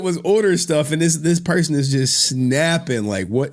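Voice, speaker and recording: A man's voice: on the high side, animated, normal speed, hardly any pauses. A man who streams reaction videos, chatting casually in loose slang and laughing often between remarks.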